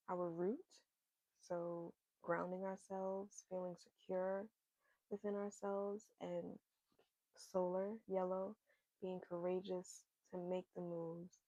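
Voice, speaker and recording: A woman doing an oracle card reading, giving gentle, earnest encouragement that repeats its key words. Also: mid-range voice, dry recording, lo-fi sound. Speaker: spiritual card reader.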